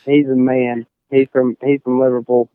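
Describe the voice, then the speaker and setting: Young man, smooth rambling voice. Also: mid-range voice, flat delivery, normal speed, no room sound, narrow, tinny audio. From Texas. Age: young adult. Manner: rambling, many fillers and restarts. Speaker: guest, college golfer. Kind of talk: casual interview chat.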